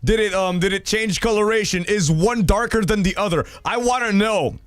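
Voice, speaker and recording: Young man, high lively voice, loud excitable streamer, dry close sound. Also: normal speed, no room sound. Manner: loud, excitable, swearing, bursts of laughter. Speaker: streamer host. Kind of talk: reading viewer stories on stream.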